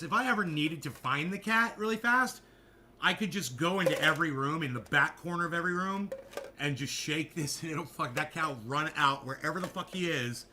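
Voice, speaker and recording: Bright-voiced man in casual rambling chat. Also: fairly high pitch, brisk, a little hiss or hum. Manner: animated storytelling, frequent swearing, jokey mock-advert asides. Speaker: streamer.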